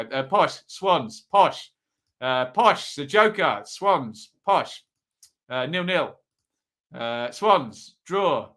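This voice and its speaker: Male host, bright-toned, casual live-chat delivery, reads comments aloud. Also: on the high side. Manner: chatty, reads out viewer comments, quick asides. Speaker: football predictions show host. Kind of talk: live-stream chat with viewers.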